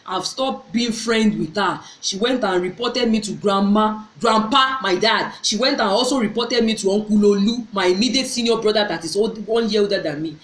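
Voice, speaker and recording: A woman's voice: mid-range voice, a little fast, few pauses. Earnest woman in an echoey room. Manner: emotional and earnest, repeats and restarts phrases. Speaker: vlogger. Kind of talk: personal storytelling to viewers.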